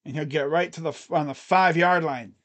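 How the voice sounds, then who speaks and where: A man with a squeaky voice calling a football game live in casual play-by-play, jokey and excitable as plays unfold. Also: fairly quick. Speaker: live-stream sports commentator.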